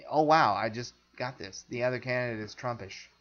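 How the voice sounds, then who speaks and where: A man's voice: medium pitch, brisk, a bit bright, muffled recording. A man hosting a film podcast, talking in a rambling, opinionated and jokey way. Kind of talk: casual chat.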